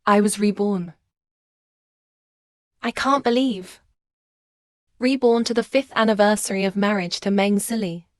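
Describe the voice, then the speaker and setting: A woman voicing a wronged young wife who speaks indignantly and forcefully. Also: mid-range voice, measured pace, pauses often, dry recording, clean studio sound, close to an everyday voice. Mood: resolute.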